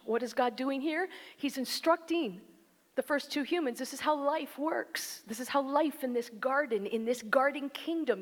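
A woman preacher giving a sermon, with conversational, emphatic delivery that speaks directly to the listeners. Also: high-pitched. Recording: long hall reverb.

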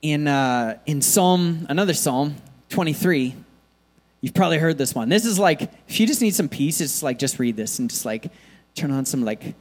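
Animated, chatty male preacher. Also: fairly high pitch, moderate pace. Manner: conversational, animated preaching with many fillers. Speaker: pastor. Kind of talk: sermon.

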